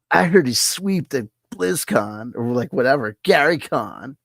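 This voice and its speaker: A man's voice: mid-range voice, animated, unhurried, gravelly, a bit bright, husky, dry recording. Man, casual opinionated commentary, blunt, rambling, dry close sound. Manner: blunt, rambling, with many restarts. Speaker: host reacting to a video.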